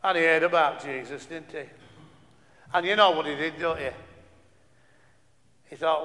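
A man's voice: fairly high pitch, normal speed, long pauses, bright, forceful tone. A man preaching a sermon, stumbling over restarts and asking the listeners rhetorical questions. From northern England. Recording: long hall reverb.

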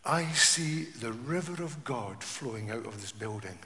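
A man preaching a sermon in a church, asking rhetorical questions and swinging from hushed tones to loud declarations. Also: medium pitch, animated, a little slow. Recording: reverberant church hall.

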